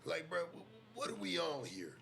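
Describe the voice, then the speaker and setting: A man bantering casually and teasing in loud jabs. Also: on the high side, wildly swooping pitch, normal speed, gravelly, slightly rough.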